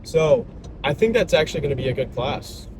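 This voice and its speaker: A man's voice: on the high side, expressive, a little fast. Upbeat young man vlogging outdoors. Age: young adult. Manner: upbeat, slangy, rambling. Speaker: vlogger and salesman. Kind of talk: casual vlog chat. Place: outdoors by a road. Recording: outdoor traffic noise.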